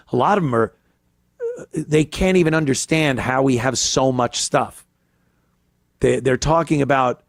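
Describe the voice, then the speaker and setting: A man's voice: mid-range voice, creaky, no room sound, studio quality. A male host ranting in a crude, profane, rambling way on a casual comedy podcast.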